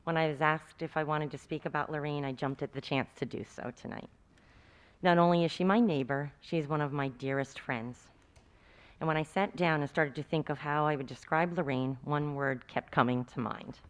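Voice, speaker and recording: Woman, low voice, earnest admiring tribute, read from notes, board meeting. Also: moderate pace. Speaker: town indoor events coordinator. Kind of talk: reading a prepared tribute speech. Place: school board meeting room.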